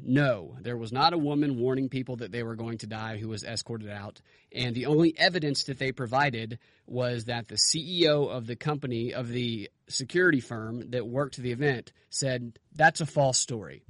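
A man's voice: mid-range voice, a bit bright, dry recording, clean studio sound. Argumentative male podcast co-host. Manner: argumentative, rhetorical questions. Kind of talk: casual political podcast chat.

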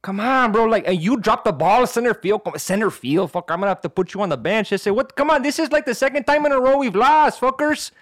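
A man voicing a hot-tempered, foul-mouthed baseball coach with a Mexican-American English accent, yelling and cursing at his players. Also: high-pitched, quick pace, hardly any pauses, pitched above the performer's own voice, natural voice. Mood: angry scolding. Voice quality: loud, cursing, scolding.

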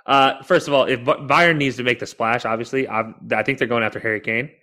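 A man guesting on a football podcast, teasing the others with dry humor. His voice is bright and forward. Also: mid-range voice, steady tone, quick pace. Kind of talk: casual sports chat.

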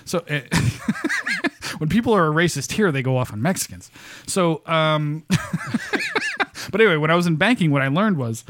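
A man's voice: on the high side, very animated, normal speed, long pauses, a bit bright, no room sound. A man from upstate New York hosting a podcast, chatting in a rambling, casual way, laughing often and swearing freely. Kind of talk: casual chat.

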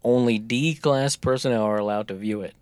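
A man's voice: medium pitch, normal speed, darkish tone, smooth, no echo. A man chatting casually on a podcast, reading a document aloud and cracking wry jokes. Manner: joking, reads text aloud with wry asides.

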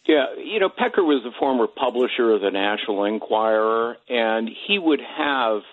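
A man's voice: medium pitch, animated, normal speed, dry recording. A male legal analyst, a guest on a radio talk show, explaining a case with hesitant fillers over a phone line.

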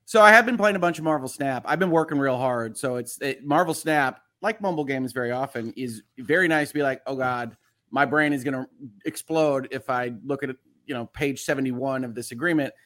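Wry male co-host, mid-pitched, measured chat. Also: a bit bright. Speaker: podcast co-host. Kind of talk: casual chat.

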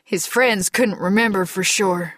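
A woman's voice: mid-range voice, measured pace, a bit bright, no echo, studio quality. Woman reading as a grieving older man. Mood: bitter. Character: grief-stricken older man, big, stubborn.

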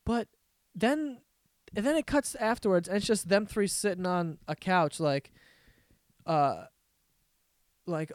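A man's voice: sits high, takes it slowly, pauses often, no room sound, clean studio sound. A young man hosting a podcast, telling a story in a casual, profane, exasperated rant with jokes. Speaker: podcast host. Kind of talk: casual ranting monologue.

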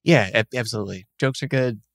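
A man's voice: mid-range voice, fast, fairly bright tone, dry recording, studio quality. A man from the American Midwest, chatting enthusiastically as a podcast guest. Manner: upbeat, enthusiastic. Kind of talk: casual podcast chat.

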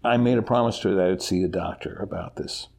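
Gravelly low-voiced middle-aged man. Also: darkish tone. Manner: candid, halting with restarts. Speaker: interview guest. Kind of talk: personal storytelling in an interview.

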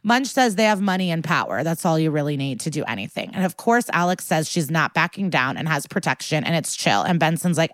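A woman's voice: low voice, fairly quick, few pauses, no room sound, clean studio sound. A woman co-hosting a podcast, casually recapping a TV episode and acting out the characters' lines. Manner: animated, acts out quotes with swearing and laughs. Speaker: podcast co-host.

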